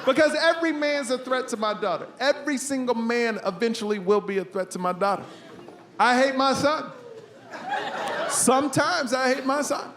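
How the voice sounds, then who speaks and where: A man performing an animated stand-up comedy routine on a live stage, bursting out loudly on punchlines. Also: very high voice, normal speed. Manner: animated storytelling, loud outbursts for punchlines. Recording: live stage recording with audience noise.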